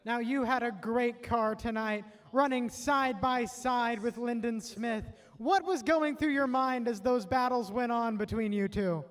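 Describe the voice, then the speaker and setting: A man's voice: very high voice, measured pace, few pauses. A man interviewing race winners trackside with an enthusiastic announcer manner.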